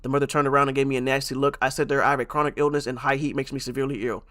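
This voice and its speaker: A young man streaming and reacting to online posts. He swings from loud outbursts to low mutters and restarts his sentences often. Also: little pitch movement, racing. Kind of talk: live-stream reaction commentary.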